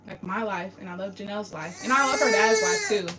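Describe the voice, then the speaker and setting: A woman's voice: medium pitch, very animated, fairly quick. A woman venting through tears in a raw confessional vlog, her voice breaking as she swears and talks through grief, recorded in a home bathroom. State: tearful. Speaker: vlogger. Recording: distant mic with noise.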